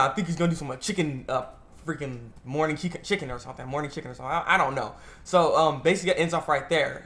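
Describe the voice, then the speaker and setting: Man, slightly high voice, casual video review, rambling, excitable, laughs a lot. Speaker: anime reviewer.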